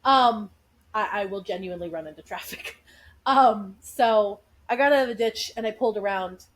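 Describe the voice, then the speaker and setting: A woman co-hosting a podcast from her living room, telling stories in an animated, chatty way. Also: medium pitch, normal speed, poor audio. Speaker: podcast co-host. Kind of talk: casual chat, storytelling.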